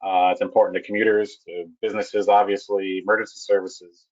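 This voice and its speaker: A man presenting a technical webinar on a bridge repair, talking in a halting way with many restarts and fillers. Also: fairly low pitch, flat delivery, lo-fi sound.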